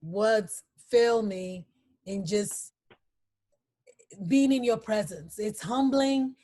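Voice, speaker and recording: A woman hosting an interview, halting and emotional, with many pauses and fillers. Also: medium pitch, mellow. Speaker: talk show host.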